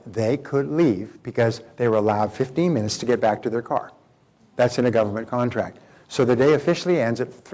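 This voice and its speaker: A man's voice: mid-range voice, a little mellow. An older man giving a motivational lecture to a seminar audience, telling rambling anecdotes in a conversational way and often repeating phrases. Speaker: motivational speaker.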